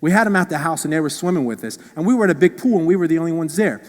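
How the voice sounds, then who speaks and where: A man giving a motivational keynote speech, telling animated stories with playful asides, recorded on stage in a large hall. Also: a little high, racing. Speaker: keynote speaker. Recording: long reverb in a large hall.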